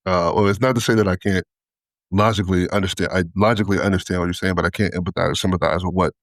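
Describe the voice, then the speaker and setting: A man co-hosting a podcast, telling stories in a casual, animated way, acting out the people he quotes, swearing and laughing often. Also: low voice, fast, dry recording. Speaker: podcast co-host. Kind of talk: casual chat.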